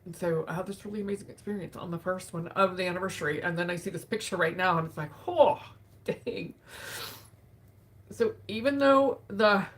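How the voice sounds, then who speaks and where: A woman hosting a live session, speaking in a soft, emotional way with sighs and pauses while tearful. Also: lowish voice, flat delivery. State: tearful, grieving. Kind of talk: reflective live talk.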